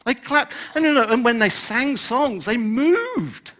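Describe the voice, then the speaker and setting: A man's voice: extremely high pitch, very animated, a little slow, few pauses, sharp tone. An older man, preaching a sermon in a conversational way and often saying "you know". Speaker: pastor.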